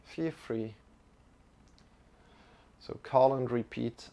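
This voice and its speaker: Slow, gravelly-voiced male yoga teacher. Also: mid-range voice, warm tone. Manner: unhurried, reflective, greets viewers by name. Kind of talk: live-streamed yoga class talk.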